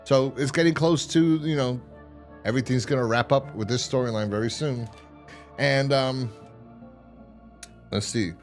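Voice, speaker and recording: A man hosting a casual TV review, rambling and swearing as he acts out characters' lines in quick voices. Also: mid-range voice, faint music behind. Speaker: podcast host reviewing a TV series.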